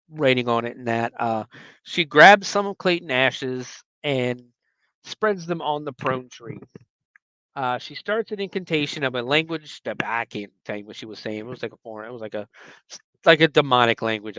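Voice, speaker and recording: A man's voice: mid-range voice, a bit bright, smooth, dry recording, highs cut off. A man hosting a podcast, recapping a movie in a casual, rambling way with many fillers and self-corrections. He acts out the characters' lines along the way. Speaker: podcast host.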